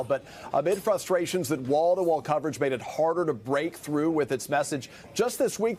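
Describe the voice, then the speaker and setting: A man reporting as a network news correspondent, measured and slowing down when quoting statements. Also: a little high, a little hiss or hum. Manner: measured, slows to quote statements.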